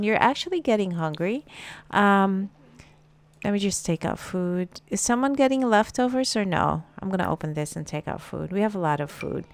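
A woman giving casual gameplay commentary, chatting to her game characters with plenty of fillers. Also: medium pitch. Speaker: gameplay streamer.

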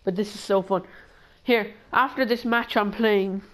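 A woman giving chatty, excitable commentary while playing a video game with friends. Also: medium pitch. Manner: excitable, chatty, quick to shriek. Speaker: gamer making a video with friends. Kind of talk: casual gameplay commentary. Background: game music.

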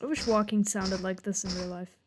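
Streaming a horror let's play, a young woman banters with chat and swears at the jump scares. Her mid-range voice is steady and brisk against a noisy background.

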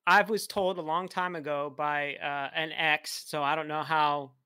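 A man's voice: fairly high pitch, fairly even intonation, a little slow, pushed and bright, clean tone, dry recording, clean studio sound. A polite man calling in to a casual chat, talking hesitantly with many fillers. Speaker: caller.

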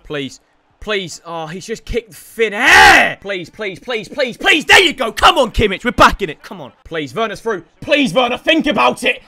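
A young man giving excitable commentary over his own football video game matches, shouting at players and swearing. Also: high-pitched, moderate pace. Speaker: gaming YouTuber. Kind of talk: gameplay commentary.

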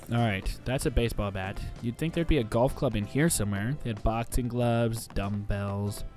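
A man giving casual, rambling, jokey let's play commentary, often talking back to the game. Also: medium pitch. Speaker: gameplay commentator. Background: game music.

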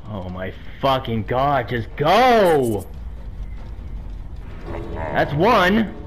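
A man's voice: mid-range voice, very animated, very slow, slight background noise, low-quality recording. Swearing, frustrated man gaming. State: irritated. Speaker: gaming channel host. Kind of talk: angry live gameplay commentary.

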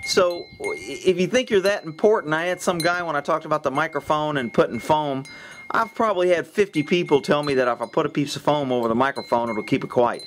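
A man's voice: a little high, a little fast. A man, a horse trainer, talking bluntly and with cursing in a casual outdoor vlog by a pasture. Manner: blunt, ranting, profane. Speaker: horse trainer, channel host. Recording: wind hitting the microphone. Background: wind and wind chimes.

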